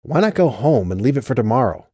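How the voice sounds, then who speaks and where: A man reading an audiobook and voicing a sharp, sardonic woman who has been drinking. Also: mid-range voice, sing-song, quick pace, breathy edge, no room sound, studio quality, voice pushed up. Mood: curt.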